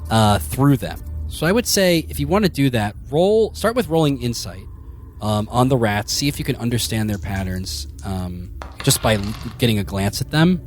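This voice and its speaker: A man's voice: medium pitch, expressive, moderate pace, faint music behind. A man narrating as game master of a tabletop game, rambling with lots of fillers. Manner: rambling, full of fillers and restarts.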